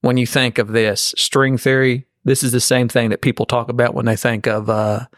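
A man's voice: medium pitch, level tone, moderate pace, fairly bright tone, no room sound, clean studio sound. Rambling man co-hosting a podcast. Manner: rambling, restarts while explaining a theory. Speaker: podcast co-host. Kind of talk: casual chat.

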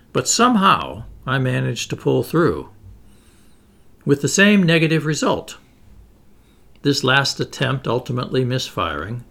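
A man narrates an audiobook in measured, expressive tones. His voice has a gravelly edge and swings through a wide pitch range.

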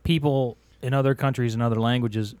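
A man's voice: medium pitch, steady tone, fairly quick, darkish tone, dry recording. A man appearing as a guest on a movie podcast, chatting casually and musing about humor. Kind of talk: casual chat.

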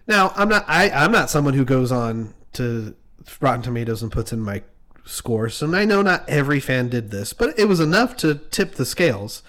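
A man talking casually about a film. His speech rambles, restarts and leans on fillers. The voice sits at a middling pitch. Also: very animated, normal speed, fairly bright tone.

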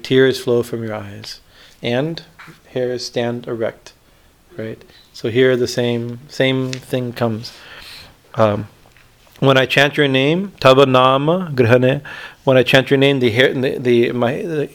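A man, a swami, teaching on a devotional hymn, with many restarts and frequent "right?" checks, reciting Sanskrit lines slowly. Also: medium pitch, steady tone, vocal fry. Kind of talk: spiritual discourse on a hymn.

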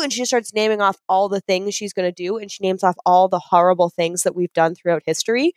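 A young adult woman co-hosting a podcast in casual chat, gushing and excitable as she tells a story. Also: medium pitch, fairly quick, hardly any pauses, no room sound. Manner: excitable, gushing storyteller, fond of self-described geeking out. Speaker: podcast co-host.

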